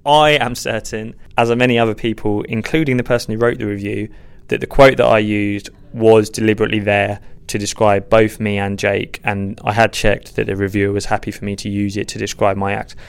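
A man's voice: lowish voice, little pitch movement, fairly quick, creaky, clean tone. A man, a stand-up comedian, giving candid, self-deprecating and rambling answers in a podcast interview.

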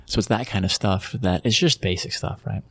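Gravelly middle-aged American man, casual. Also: sits low, a little fast, fairly bright tone, no room sound, studio quality. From Texas, USA. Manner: conversational, repeats phrases, chuckles often. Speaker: guest, sports executive. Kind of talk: relaxed interview storytelling.

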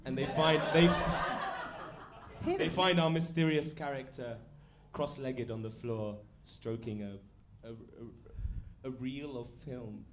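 A man hosting and narrating an improvised comedy show, excited and energetic. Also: medium pitch, slow, background noise. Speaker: host and narrator.

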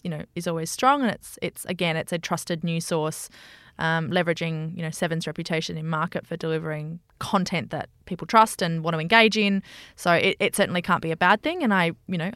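A woman, a guest on a podcast, giving quick, upbeat answers with some fillers. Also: lowish voice, a bit bright, clear, resonant tone, no room sound, studio quality. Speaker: guest, media trading director. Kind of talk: casual interview chat.

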